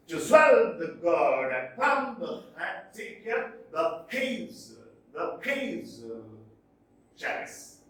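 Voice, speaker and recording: A man teaching English poetry in a classroom lecture, speaking slowly and deliberately and tapping out stressed and unstressed syllables. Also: sits high, sharp tone, recorded from a distance. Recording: very echoey room, voice off-mic.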